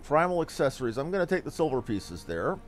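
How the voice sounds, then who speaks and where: A man's voice: on the high side, very animated, fast talker. A man streaming a game, making wry, sarcastic asides between the dialogue. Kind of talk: casual gameplay commentary.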